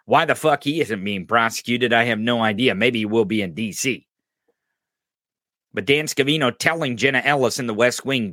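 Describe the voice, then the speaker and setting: A man's voice: mid-range voice, normal speed, bright, forceful tone, no room sound, studio quality. A man hosting a podcast, ranting angrily and profanely in political commentary, mocking his opponents. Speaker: podcast host.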